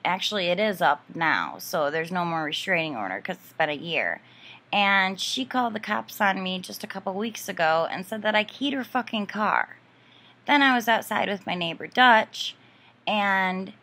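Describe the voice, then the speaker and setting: A woman ranting straight to camera in a casual storytime, swearing freely and sounding fed up. Her voice sits a little low for a woman but has a bright, forceful edge. She rambles and circles back with plenty of fillers. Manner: profane, exasperated and indignant. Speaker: vlogger.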